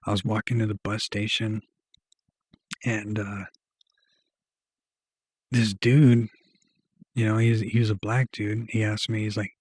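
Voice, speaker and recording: A young man tells a story to camera in a loose, meandering way, filling his speech with slang and "like"s. His voice sits on the low side and sounds husky. The recording is dry, with no room sound. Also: little pitch movement, unhurried, pauses often, darkish tone, no room sound. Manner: rambling, slangy, many fillers. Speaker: vlogger. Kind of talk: casual storytelling.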